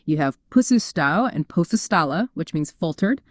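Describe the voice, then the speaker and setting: A woman's voice: on the low side, animated, moderate pace, no echo, clean studio sound. Upbeat woman explaining in casual chat. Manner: upbeat, explanatory, frequent fillers. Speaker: co-host.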